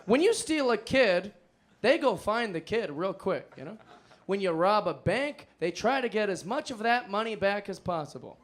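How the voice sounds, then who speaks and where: A man telling a stand-up story on stage, excitable and laughing through his lines. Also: high voice, normal speed. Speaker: stand-up comedian. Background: audience laughter.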